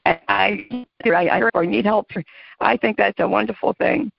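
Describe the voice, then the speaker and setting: An older woman speaking in an interview, talking slowly and earnestly with emotion. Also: mid-range voice, gravelly, highs cut off, over music. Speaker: mother of a caregiver. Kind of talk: candid interview talk.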